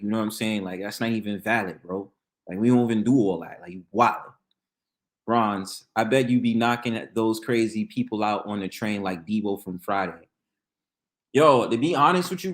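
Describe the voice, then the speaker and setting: A man hosting a casual talk show, trading stories in quick, slangy bursts. His voice sits at an ordinary pitch and swings up when he gets worked up. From New York. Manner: animated slangy storytelling, laughs often. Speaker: podcast host. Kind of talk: casual chat.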